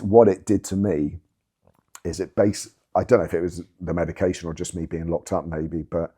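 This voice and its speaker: Deep, husky man recounting his story. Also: dark tone. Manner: earnest, emphatic, swears for emphasis. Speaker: interviewee sharing his story. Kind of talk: candid personal testimony.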